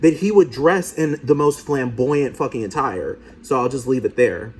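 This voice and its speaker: A man's voice: mid-range voice, moderate pace, darkish tone, a little hiss or hum. A man giving profane, mocking commentary over video clips.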